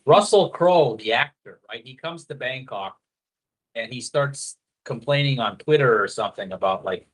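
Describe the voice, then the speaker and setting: A man's voice: mid-range voice, normal speed. Profane storytelling man. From a foreigner living in Thailand. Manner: profane, animated storytelling with quoted voices. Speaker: storyteller in casual chat. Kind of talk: casual chat.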